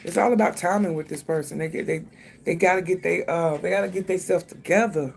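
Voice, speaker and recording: A tarot reader talks loosely through a card spread, thinking out loud and swearing freely. The voice has a gravelly, creaky edge and sits at a middling pitch. A faint hum of noise runs under the recording. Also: steady tone, a little fast. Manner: speaks directly to the viewer. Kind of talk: casual tarot reading.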